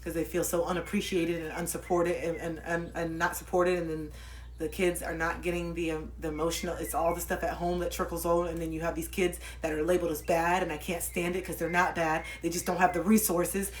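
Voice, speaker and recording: A woman in her thirties giving spiritual life coaching on a livestream, preaching with a lot of swearing and swinging between loud outbursts and low murmurs. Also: level tone, fairly quick. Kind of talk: impassioned livestream monologue.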